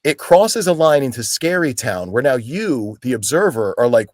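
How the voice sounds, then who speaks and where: A man's voice: mid-range voice, big pitch swings, moderate pace, darkish tone, dry recording, studio quality. A man from Pennsylvania, an actor as a guest, telling stories in a casual interview and acting out quoted lines in voices.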